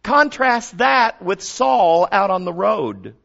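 A man with a high voice preaches a sermon from the pulpit. He sinks to near-whispers and then swells to loud emphasis, putting questions to the congregation. The recording is dull and lo-fi. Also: very animated, takes it slowly, vocal fry, hardly any pauses. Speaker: pastor.

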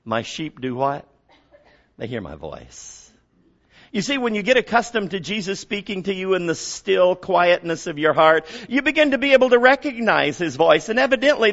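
A man with a high voice preaches a sermon from the pulpit. He sinks to near-whispers and then swells to loud emphasis, putting questions to the congregation. The recording is dull and lo-fi. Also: animated, moderate pace, few pauses. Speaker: pastor.

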